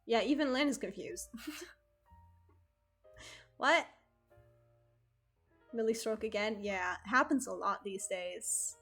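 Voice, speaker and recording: A young woman streamer from outside the United States chatting casually with her chat, rambling and excitable, swearing freely and packing her talk with fillers. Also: medium pitch, takes it slowly, pauses often, soft background music.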